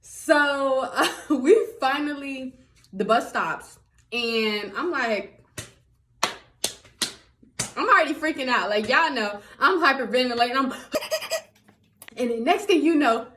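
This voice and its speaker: A young woman tells a story straight to her viewers in a chatty vlog, high-pitched and swinging all over her range. She laughs often and keeps calling them y'all. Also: animated, measured pace, pauses often, pushed and bright. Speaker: vlogger.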